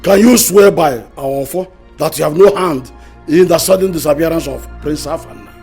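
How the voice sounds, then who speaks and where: An actor with a Nigerian accent playing a stern palace elder who confronts the royal family and demands answers. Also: male voice, a little high, moderate pace, creaky, darkish tone, soft background music. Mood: demanding. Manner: confrontational and commanding. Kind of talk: Nollywood film acting.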